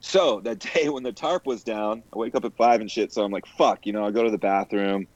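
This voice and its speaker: A man's voice: lowish voice, fairly quick, dry recording. A man in casual chat, telling stories full of swearing and voiced asides. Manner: profane storytelling, animated quoted asides. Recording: dull lo-fi sound, dry.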